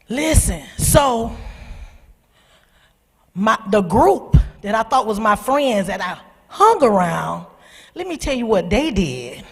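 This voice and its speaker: A middle-aged woman with a drawl tells her own story to a church youth crowd, her high voice leaping up and down as she calls out to them. Her tone is husky, and her words ring out through a large sanctuary with a long reverb. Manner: animated storytelling, calls out to the audience. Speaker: speaker at a church youth service. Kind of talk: personal testimony to young people.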